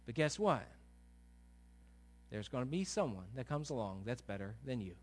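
A man preaching a sermon as a pastor, animated, acting out quoted voices, swinging from quiet to loud. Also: mid-range voice, moderate pace, pauses often.

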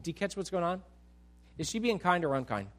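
A man preaches in a relaxed, conversational style, his voice sitting a little high. He is animated and often repeats a word as he restarts a thought. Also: fairly quick. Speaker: pastor. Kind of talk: conversational sermon.

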